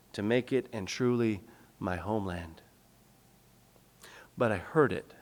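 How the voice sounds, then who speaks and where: Man reading poetry in a reverberant hall. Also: medium pitch. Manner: measured, rhythmic reading. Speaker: guest lecturer and poet. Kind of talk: public lecture with poetry reading. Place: lecture hall.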